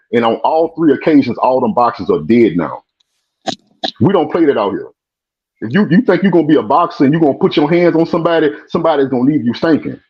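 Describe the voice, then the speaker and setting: A man from Baton Rouge with a Louisiana accent, calling in and lecturing emphatically about boxing. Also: medium pitch. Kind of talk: heated call-in commentary. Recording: muffled husky call-in line.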